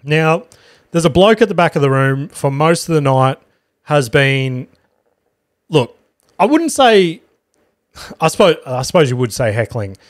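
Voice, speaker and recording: A man's voice: on the high side, very animated, unhurried, long pauses, no echo. Australian man, casual rambling story, swears a lot, dry close sound. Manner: rambling, swears freely, self-correcting asides. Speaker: podcast host and stand-up comedian.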